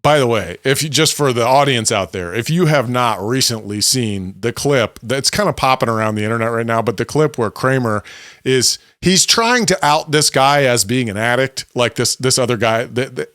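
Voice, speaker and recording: A man co-hosting a podcast in casual chat, animated and often laughing as he retells scenes. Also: medium pitch, normal speed, no room sound, clean studio sound. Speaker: podcast co-host.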